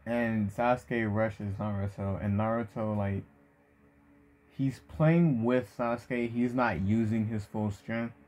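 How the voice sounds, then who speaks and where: A man's voice: on the low side, fairly even intonation, slow pace, a little mellow. A man casually retelling a fan story, rambling with many fillers and swear words.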